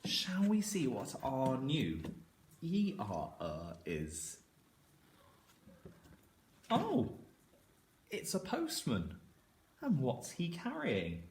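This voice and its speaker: A man teaching a phonics lesson to young children, slowly sounding out words and encouraging them. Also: fairly high pitch, roomy sound. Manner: slow, sounding out words letter by letter. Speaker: primary school teacher.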